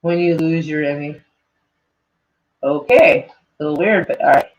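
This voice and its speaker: On a dull lo-fi recording, a low-pitched woman vlogger reads tweets and reacts at a moderate pace. She rambles casually, packing in "like" and swearing often.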